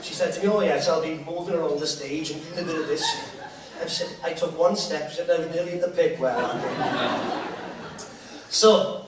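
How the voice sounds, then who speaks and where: Live stage comic, man, higher voice, chatty and laughing, distant echoey theatre mic with loud crowd. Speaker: entertainer on stage. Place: large theatre with audience.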